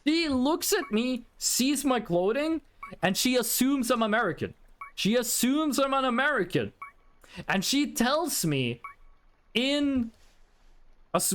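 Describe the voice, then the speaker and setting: A man who grew up in Norway, telling a rambling story to his live chat as a streamer, and he breaks off to answer viewers. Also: high-pitched.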